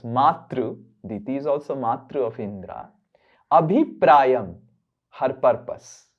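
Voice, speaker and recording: A man's voice: a little high, lo-fi sound. A man giving a playful scripture lecture, leading verse chants and chuckling as he explains. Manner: playful, chuckling, with frequent fillers. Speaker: spiritual teacher.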